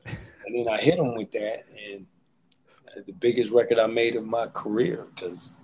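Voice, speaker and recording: A man, a rapper guest, telling stories in a relaxed interview, animated and full of slang. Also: lowish voice, breathy edge, poor audio. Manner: animated, acts out quotes and beatboxes; drawn-out slang-heavy delivery. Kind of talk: casual storytelling interview.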